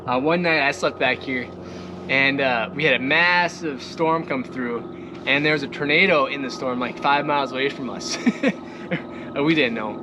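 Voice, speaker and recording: A young man with a Midwestern accent talks through his boat in a loose, rambling way, full of "uh"s and quick laughs. His voice sits at an ordinary middle pitch. The outdoor recording carries clear background noise and he drifts nearer and farther from the camera. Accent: Midwestern American. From Minnesota or the Midwest. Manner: rambling, laughs often, many fillers. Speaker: vlogger showing his boat. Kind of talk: casual walkthrough. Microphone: camera set on the boat, distance varies.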